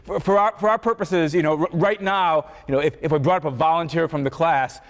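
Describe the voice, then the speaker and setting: A male philosophy professor giving a university lecture, halting and repeating words, with many fillers. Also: a little high, fairly even intonation. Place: large lecture hall. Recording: echoey lecture hall.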